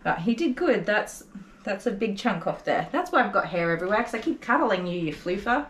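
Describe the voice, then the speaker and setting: A young woman dog groomer talking gently and coaxingly to a nervous dog while she works, openly emotional and tender. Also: mid-range voice, big pitch swings, brisk, poor audio. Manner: gentle, coaxing, soft-spoken. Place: grooming salon, indoors. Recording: clipper buzz and background noise.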